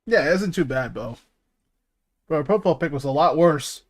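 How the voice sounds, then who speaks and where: A man's voice: fairly high pitch, expressive, normal speed. A man hosting a casual stream podcast, rambling and laughing often, swearing freely and restarting his sentences.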